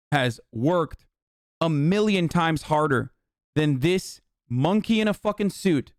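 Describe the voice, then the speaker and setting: A man's voice: high voice, no room sound, studio quality. Angry profane man ranting on stream. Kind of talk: heated political commentary.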